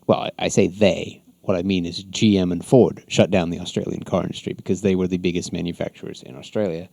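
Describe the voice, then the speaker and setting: A man's voice: low-pitched, steady tone, fast, gravelly, darkish tone, dry recording. A man hosting a podcast, recapping an episode in a casual, rambling way with many ums and frequent chuckles. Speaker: podcast host.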